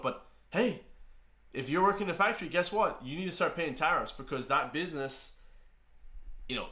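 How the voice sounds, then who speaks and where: A man's voice: mid-range voice, pushed and bright, reverberant. An Irish man hosting a reaction video, ranting bluntly and emphatically in casual commentary. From Ireland. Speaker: reaction channel host.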